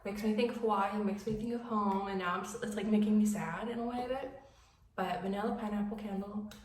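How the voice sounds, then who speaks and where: A young woman in her twenties chats to her camera in a relaxed vlog. She rambles from one thing to the next. She fills her sentences with "like" as she goes. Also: mid-range voice, brisk, a little hiss or hum. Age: 20s. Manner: chatty, rambling, lots of "like". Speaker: vlogger. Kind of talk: casual vlog chat.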